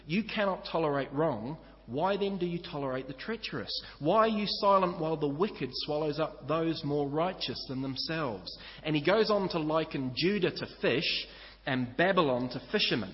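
Man preaching, slightly high pitch, lingering church echo. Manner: earnest, rhetorical questions to the congregation. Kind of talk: sermon. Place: church hall. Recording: dull echoey church recording.

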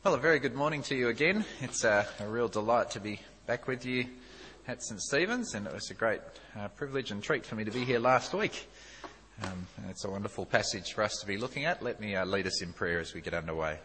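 A man's voice: on the low side, expressive, fast talker, fairly bright tone, husky. A man preaching a sermon as a visiting speaker, conversational and self-deprecating, with many fillers. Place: church. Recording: echoey church hall.

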